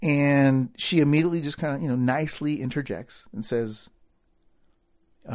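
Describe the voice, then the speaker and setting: A man telling a story from his boyhood in a loose, casual way. He drops into low, quiet asides and then rises into loud, excited bursts as he acts out the people in it. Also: moderate pace. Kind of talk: storytelling speech.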